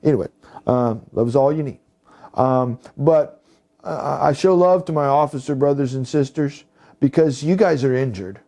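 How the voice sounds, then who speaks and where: A man delivering a recorded presentation to law enforcement officers. He speaks in a mellow, darker tone at a middling pitch. His delivery rambles, packed with fillers and stumbling restarts. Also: moderate pace. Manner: rambling, heavy with "you know" and restarts. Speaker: presenter for a healing services group.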